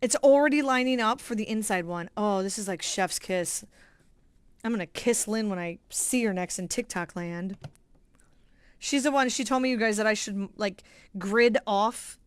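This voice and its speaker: A middle-aged woman hosting a casual quilting livestream, chatting excitedly with viewers as she sews. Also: medium pitch, moderate pace, clean tone, dry recording. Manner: bubbly, chatty, talks to viewers by name. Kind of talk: casual livestream chat while sewing.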